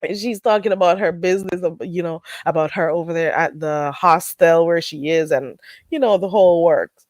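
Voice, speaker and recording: A woman hosting a casual livestream while getting sick, animated and dropping into patois, swearing and laughing freely. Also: fairly low pitch, moderate pace, dry recording. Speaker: livestream host.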